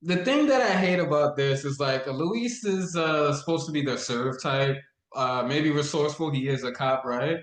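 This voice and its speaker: A man co-hosting a podcast, chatting casually and thinking aloud with halting restarts. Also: a little high, roomy sound. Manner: thoughtful, halting, lots of "like" and restarts. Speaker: guest co-host.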